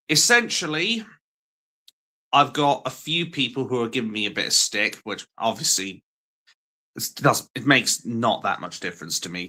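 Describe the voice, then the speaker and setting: Bright-voiced rambling male streamer. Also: fairly low pitch. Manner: rambling, self-deprecating, wry. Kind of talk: casual live-stream monologue.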